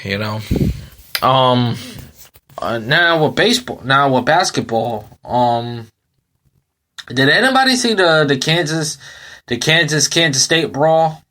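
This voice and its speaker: Slow and pausing often, a mid-range male voice with lively intonation and a pushed, bright quality drifts through a casual sports rant. The podcast host, in his thirties, is tired and yawning, rambling and repeating himself with frequent "um" and "you know."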